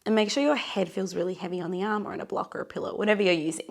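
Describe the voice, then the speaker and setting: Raspy-voiced woman cueing a pilates class. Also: medium pitch, fairly even intonation, very fast. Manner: encouraging, cueing breath and counting reps. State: run down, hoarse. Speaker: pilates instructor. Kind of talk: guided workout instruction.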